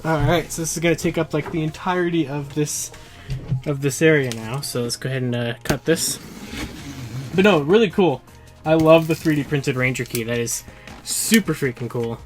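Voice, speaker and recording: A man hosting a casual toy unboxing vlog, chatty and excitable, a little out of breath. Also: a little high, moderate pace, faint music behind. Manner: excitable, chatty, laughs often. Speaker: toy collector YouTuber.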